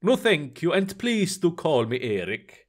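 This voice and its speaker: Polite careful station manager guy, a bit higher voice, lively tone, narrator's own voice. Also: a little slow. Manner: polite, cautious.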